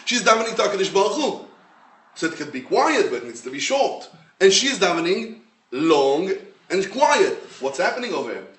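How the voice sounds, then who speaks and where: A man, a rabbi giving a Torah lecture in English, his language being Hebrew, with an emphatic, animated storytelling manner. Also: high-pitched, moderate pace. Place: lecture room. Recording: roomy echo, mic at a distance.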